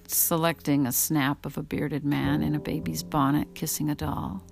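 A woman's voice: deep voice, vocal fry. A woman casually reading a memoir aloud, amused and prone to breaking into laughter. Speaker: reader.

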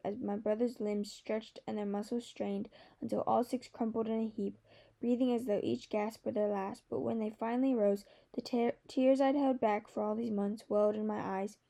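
Woman narrating in a mellow voice. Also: a little high, vocal fry. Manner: measured, storytelling. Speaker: audiobook narrator. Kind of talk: scripted narration.

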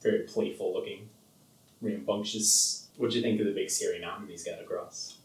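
Low-voiced man chatting in a roomy space. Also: fairly even intonation, normal speed, a little mellow, far from the mic. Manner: rambling, laughs often, filler-heavy. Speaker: podcast co-host. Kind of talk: casual chat about a film. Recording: roomy sound from off the mic.

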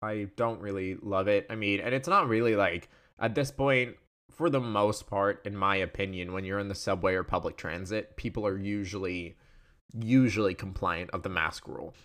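A man's voice: lowish voice, normal speed. Rambling young man telling a story. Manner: rambling, animated storyteller with many fillers. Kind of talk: casual chat.

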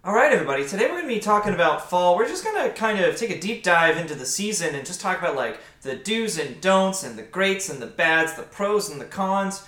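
Young guy hosting a podcast, bright voice, kinda high, echoey room. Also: sing-song, brisk, hardly any pauses. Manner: upbeat, rambling, filler-heavy. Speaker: podcast host. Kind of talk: casual podcast chat.

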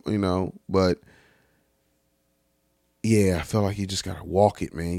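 Young man from California, lower voice, dry close sound, animated slangy storytelling. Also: dry recording. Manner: animated, swearing, laughing slang-heavy storyteller. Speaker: vlogger. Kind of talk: casual storytelling vlog.

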